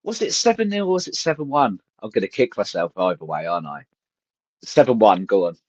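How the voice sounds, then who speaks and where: Guy in his 40s umming through quiz answers, lively pitch, dull dry audio. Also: a little fast, a little hiss or hum. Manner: hesitant, thinks out loud. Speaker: co-host answering quiz questions. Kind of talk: casual football podcast chat.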